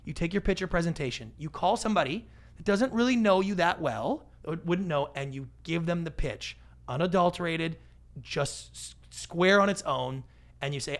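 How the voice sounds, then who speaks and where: A middle-aged man talks as a guest on an interview show, his voice sitting a little high with a gravelly edge. He tells stories animatedly and slips into quick quoted voices. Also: expressive. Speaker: podcast guest, pitching expert. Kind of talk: casual interview talk.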